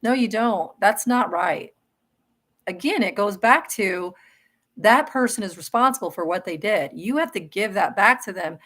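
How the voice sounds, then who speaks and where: Middle-aged woman, spiritual livestream host, earnest, emphatic, restarts sentences, mid-pitched voice. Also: animated, normal speed, a bit bright. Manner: earnest and emphatic, with laughs and self-corrections. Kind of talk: live spiritual Q&A talk.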